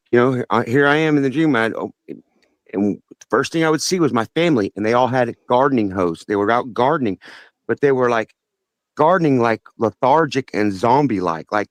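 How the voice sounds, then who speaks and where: A man's voice: mid-range voice, dry recording. A man calling in to a talk show, telling a long personal story in an earnest, rambling way with many restarts. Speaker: caller. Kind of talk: casual phone-in storytelling.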